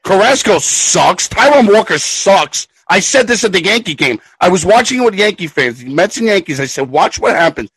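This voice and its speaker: A man's voice: high-pitched, animated, moderate pace, few pauses, breathy edge, dry recording, low-quality recording. A man ranting angrily about his teams on a sports podcast, swearing and raising his voice. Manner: angry profane ranting, shouting at times. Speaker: podcast co-host. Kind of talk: casual sports chat.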